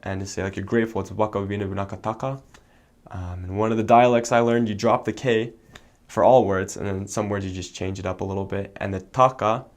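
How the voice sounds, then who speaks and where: Low-voiced young American man explaining. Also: brisk. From United States. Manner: relaxed, with fillers. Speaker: returned missionary. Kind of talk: casual explanation.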